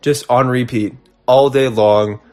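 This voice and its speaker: A young man sharing a honeymoon story with his wife in a relaxed, easygoing way. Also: medium pitch, unhurried. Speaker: guest storyteller. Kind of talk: casual storytelling.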